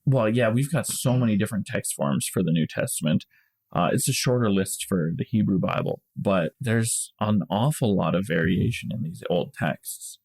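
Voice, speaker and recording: A man's voice: lowish voice, moderate pace, creaky, a little mellow. A man co-hosting a podcast, explaining things at length in casual chat with small restarts. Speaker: podcast co-host.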